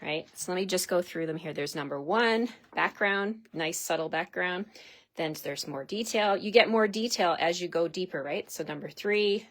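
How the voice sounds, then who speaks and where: A woman's voice: fairly low pitch, normal speed. Gushing woman demonstrating craft supplies. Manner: gushing, excitable, chatty. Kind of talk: live product demonstration.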